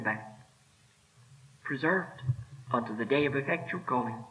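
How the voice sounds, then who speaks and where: A man preaching a sermon with emphatic delivery, rising and dropping, slowing right down to stress his words. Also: medium pitch, bright, forceful tone. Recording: dull lo-fi sermon recording.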